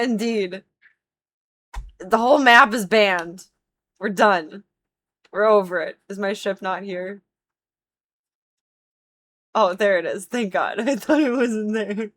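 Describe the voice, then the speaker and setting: A woman's voice: mid-range voice, slow pace, pauses often, a bit bright, rough recording. A woman livestreaming a video game, chatting casually with dramatic, mock-emotional complaints and a lot of swearing. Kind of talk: casual gaming commentary.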